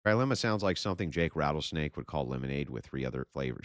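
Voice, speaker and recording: A man's voice: very deep voice, animated, quick pace, no echo, studio quality. A man hosting a livestream and reading super chats in a blunt, profane, sarcastic way. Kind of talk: casual livestream chat.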